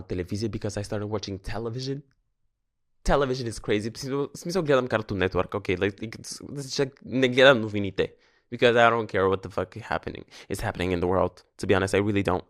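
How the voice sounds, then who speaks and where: A man's voice: medium pitch, fairly bright tone. Profane young man. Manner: candid, profane, switching between English and Bulgarian. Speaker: podcast host. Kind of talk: casual solo confessional chat.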